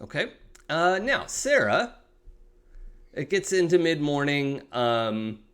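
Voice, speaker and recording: A man's voice: a little high, big pitch swings, slow pace, fairly bright tone, smooth. A man narrating a tabletop game as game master, talking casually with many fillers and restarts.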